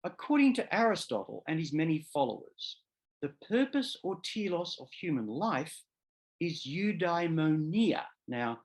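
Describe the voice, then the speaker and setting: A man, a law professor, giving a measured academic seminar lecture that explains ideas step by step and sometimes corrects himself. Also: fairly high pitch, big pitch swings, low-quality recording. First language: English. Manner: measured, explanatory, repeats key terms; occasional self-corrections.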